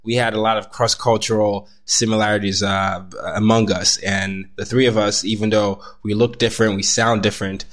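A young adult man hosting a podcast interview, animated, laughing easily, with frequent fillers. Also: fairly low pitch, moderate pace, few pauses. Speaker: podcast host.

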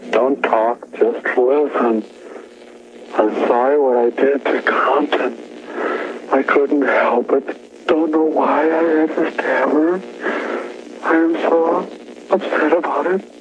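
A man with a high-pitched, weepy voice, making a halting, distraught confession on an old recorded call. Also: steady tone. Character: weeping high-pitched male killer caller on archive tape. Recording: muffled lo-fi archive phone tape with faint noise.

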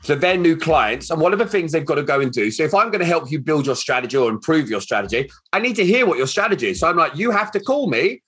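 Guy hosting a podcast, slightly husky voice, bouncy and animated, does voices for people in his stories. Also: on the high side, fast talker, few pauses. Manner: animated storyteller, acts out quoted dialogue. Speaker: podcast host. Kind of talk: casual podcast chat.

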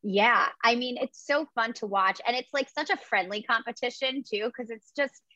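A woman's voice: on the high side, moderate pace, pushed and bright, dry recording. A woman interviewing a guest in an upbeat, chatty way. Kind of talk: friendly interview questions. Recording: dry, slightly muffled audio.

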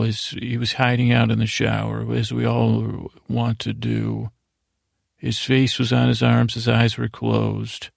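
Very gravelly, flat-voiced man. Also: no echo, clean studio sound. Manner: meandering, slow, low-key monotone. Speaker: sleep podcast host. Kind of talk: rambling bedtime episode recap.

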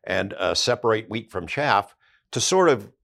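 A man's voice: on the low side, big pitch swings, a little slow, vocal fry, fairly bright tone. An older man, an investigative journalist, recounting past events conversationally in a podcast interview.

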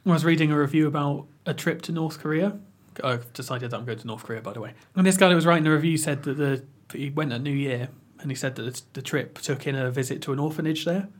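A man's voice: on the high side, fast. A man co-hosting a casual podcast, telling anecdotes and laughing easily. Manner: laughing, storytelling. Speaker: podcast co-host.

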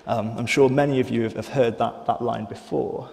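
A man preaching a sermon in a church, thoughtful and measured, with some fillers and restarts. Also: medium pitch, steady tone, creaky, a little mellow, big-room sound.

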